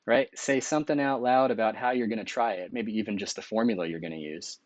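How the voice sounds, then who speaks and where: A man with a low voice walks through a math lecture in an easygoing, conversational way, sometimes stopping to correct himself. The sound is dry and close, with no room echo. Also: fast. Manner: relaxed and conversational, with small self-corrections.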